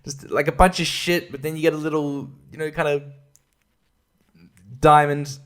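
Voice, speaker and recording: A man's voice: fairly high pitch, flat delivery, normal speed, clean tone. A man giving a casual, sweary, sarcastic album review, often laughing at his own jokes. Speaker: music reviewer.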